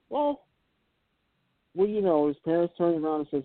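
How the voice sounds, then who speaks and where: An older man hosting a Christian talk show, telling a story in a relaxed way with many fillers, over a phone line. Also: fairly high pitch, moderate pace, pauses often, no echo. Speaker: host.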